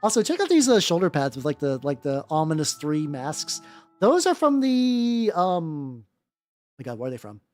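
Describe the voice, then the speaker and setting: A woman's voice: low voice, sing-song, normal speed, a little mellow. A woman chatting casually on a livestream while she paints miniatures, rambling with lots of restarts and casual swearing. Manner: rambling, with many restarts and stumbles. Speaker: VTuber streamer painting miniatures. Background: faint background music.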